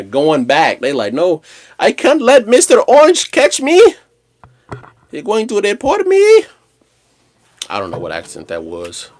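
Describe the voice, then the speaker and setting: A man with a fairly low voice talks casually to his livestream viewers. His delivery is slangy and rambling, mostly laid-back but jumping now and then into animated outbursts. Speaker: live streamer.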